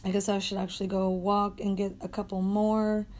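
A woman with a hoarse, strained voice venting angrily in a profane monologue. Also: mid-range voice, level tone, normal speed, darkish tone. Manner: profane, ranting, exasperated. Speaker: dog walker and coach.

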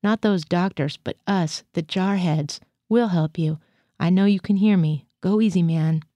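Um fuzileiro bem-humorado conforta um colega em tom descontraído, na leitura de uma mulher. O timbre é quente e baixo. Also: female voice, lowish voice, unhurried, warm tone, no echo, close to an everyday voice. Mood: reassuring. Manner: easygoing, reassuring. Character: cheerful, buoyant male Marine patient.

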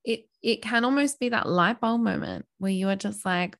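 A young adult woman co-hosting a podcast, talking openly and earnestly in casual chat, animated when telling stories. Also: medium pitch, normal speed, gravelly. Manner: open, earnest, animated storytelling. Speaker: podcast co-host.

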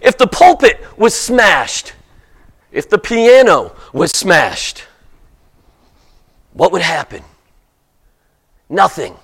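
Lively high-voiced preacher. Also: male voice, slow pace, long pauses, breathy edge. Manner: emphatic, repetitive, building to shouts. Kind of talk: sermon. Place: church sanctuary.

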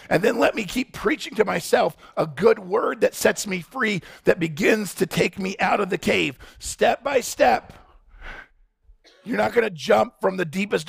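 A man preaching a sermon as pastor, impassioned, swinging between loud pleading and low, quiet quoting. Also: creaky, husky, dry recording, clean studio sound.

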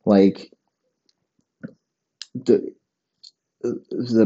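A man with a low, very dark, mellow voice delivers a rambling, profane comic rant as a podcast host. The recording sounds dull and lo-fi. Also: takes it slowly, pauses often, breathy edge. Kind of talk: solo comedic rant.

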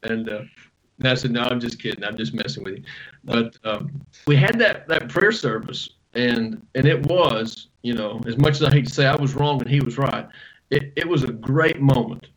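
A pastor, answering interview questions in a relaxed, storytelling way with self-deprecating humor. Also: male voice, medium pitch, normal speed, low-quality recording.

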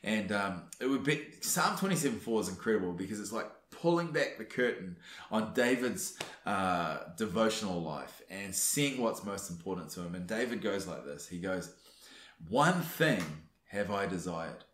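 A man giving an earnest, urging devotional teaching, often pausing on fillers and restarting his sentences. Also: on the low side, animated, a bit bright, reverberant, slight background noise. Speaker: Christian teacher.

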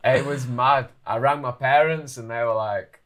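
A man, telling a story in an animated, casual way with lots of fillers. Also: mid-range voice, moderate pace, a crowd in the background. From England.

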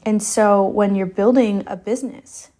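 A woman's voice: mid-range voice, steady tone, unhurried, dark tone. A young adult woman, hosting a solo podcast in a loose, candid, rambling way with lots of "like". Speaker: podcast host.

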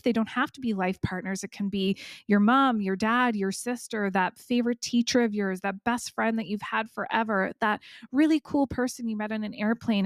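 A woman's voice: fairly high pitch, no echo, studio quality. A woman hosting a podcast, giving encouraging coaching talk directly to the listener. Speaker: podcast host.

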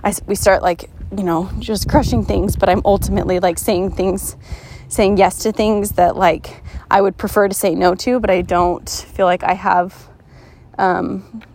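Woman podcast host, mid-pitched, casual and earnest, encouraging tone with frequent fillers. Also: fairly even intonation, moderate pace, darkish tone, slight background noise. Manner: chatty, many "like" fillers and restarts. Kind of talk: casual motivational podcast talk.

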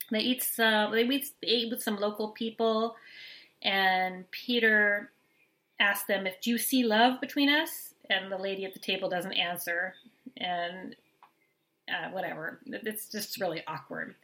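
A woman's voice: mid-range voice, fairly even intonation, a little slow, bright, forceful tone. A middle-aged mother co-hosting a podcast, chatting in a gossipy way and acting out what people said. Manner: chatty, gossipy, acts out quotes. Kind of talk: casual reality-TV recap chat.

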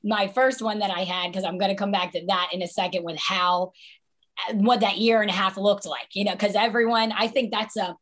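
A woman's voice: medium pitch, fairly even intonation, a little fast, a bit bright. A woman hosting a podcast, thinking aloud as she asks her guest questions. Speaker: podcast host, interviewer. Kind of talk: interview questions.

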